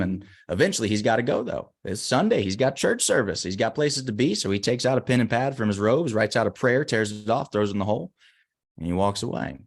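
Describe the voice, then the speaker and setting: A man as an interview guest telling a story and giving emphatic motivational advice. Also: on the low side. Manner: earnest, emphatic.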